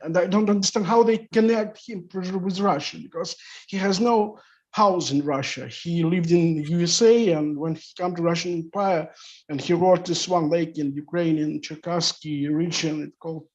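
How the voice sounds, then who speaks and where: A man speaking as a guest in a panel discussion, talking in halting non-native English with many fillers. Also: on the high side. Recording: muffled lo-fi audio.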